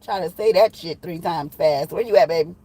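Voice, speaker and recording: A woman's voice: on the low side, brisk, dark tone, low-quality recording. A woman giving a casual livestream tarot reading, blunt and profane, teasing viewers and laughing often. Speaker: tarot reader.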